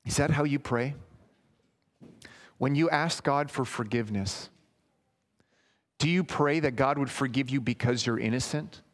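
A man's voice: medium pitch, unhurried, pauses often. A man preaching a sermon in an earnest, emphatic way, speaking directly to his listeners as friends.

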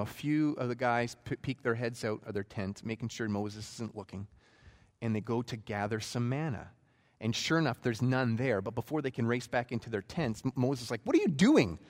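A man preaching a sermon, retelling a story in an animated way and acting out quotes. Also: mid-range voice, big-room sound. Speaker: pastor.

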